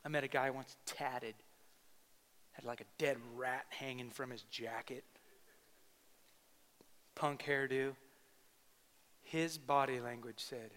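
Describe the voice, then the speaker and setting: A male pastor preaching a sermon, swinging between loud emphatic bursts and quiet intimate asides. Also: mid-range voice, steady tone, slow, pauses often. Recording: long hall reverb.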